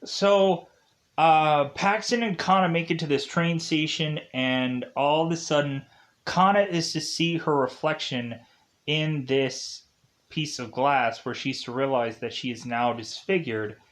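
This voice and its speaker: A man's voice: a little high, measured pace, fairly bright tone. A man giving a casual, rambling plot recap of a movie, full of fillers and self-corrections. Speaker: movie reviewer.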